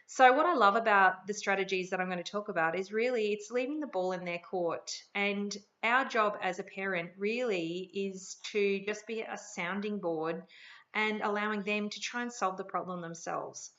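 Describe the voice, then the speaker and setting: A woman's voice: mid-range voice, moderate pace, a bit bright, muffled recording. A middle-aged woman with an Australian accent, a parenting educator speaking in a friendly, conversational way about her workshop. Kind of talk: promotional talk to camera.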